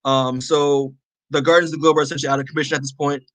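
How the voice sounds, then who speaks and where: A man co-hosting a podcast, casually recapping a comic issue with lots of fillers and quick acted-out character lines. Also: on the high side, level tone, a bit bright, dry recording, poor audio. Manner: rambling, many fillers, acts out characters' lines. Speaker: podcast co-host.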